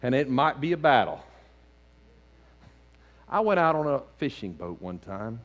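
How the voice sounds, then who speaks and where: A man preaching a sermon as lead pastor in a church sanctuary, animated, swinging between loud outbursts and hushed lines. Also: medium pitch, unhurried, dull audio.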